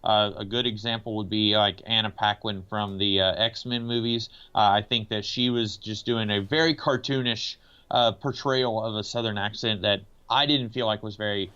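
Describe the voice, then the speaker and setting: A man's voice: lowish voice, fairly even intonation, normal speed, sharp tone, smooth. Man from the American South chatting about films, slightly muffled. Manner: hesitant, many filler words. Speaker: podcast co-host. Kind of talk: casual movie discussion.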